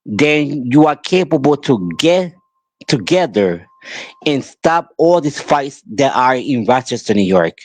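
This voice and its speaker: Male podcast host, angry emphatic monologue, unhurried pleading delivery, dry close sound. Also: medium pitch, big pitch swings, no room sound. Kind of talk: impassioned monologue.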